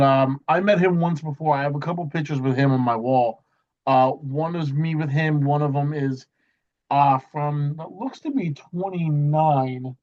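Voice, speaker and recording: A man co-hosting a casual chat, talking in a relaxed, matter-of-fact way that trails off. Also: fairly high pitch. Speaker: co-host. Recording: muffled lo-fi audio.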